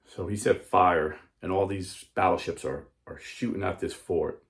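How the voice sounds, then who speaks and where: A man's voice: low-pitched, steady tone, unhurried. A man giving a dramatic storytelling speech, emphatic and acting out characters as he goes. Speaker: speaker.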